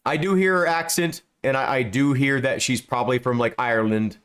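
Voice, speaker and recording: A man's voice: mid-range voice, fairly quick, fairly bright tone. A man giving casual, rambling commentary over gameplay, often stammering and repeating words, and swearing now and then. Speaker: gaming YouTuber.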